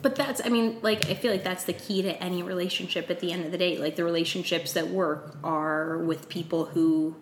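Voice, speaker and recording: A woman's voice: on the low side, steady tone, brisk, hardly any pauses, reverberant, noisy background. A woman hosting a casual interview, friendly and agreeable, chiming in and laughing easily. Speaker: podcast host.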